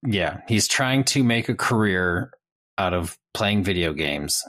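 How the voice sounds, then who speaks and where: A man's voice: deep voice, lively intonation, measured pace, a bit bright, no room sound. A man co-hosting a podcast, listening and adding short comments in casual chat. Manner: listening and chiming in with short replies. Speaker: podcast co-host.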